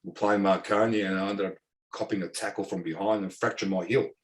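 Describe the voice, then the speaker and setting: A man's voice: low-pitched, fairly even intonation, a little fast. A middle-aged Australian man, a former footballer, telling stories in a casual interview, repeating words and filling with "um". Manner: rambling, repeats words, many fillers. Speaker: former professional footballer, guest.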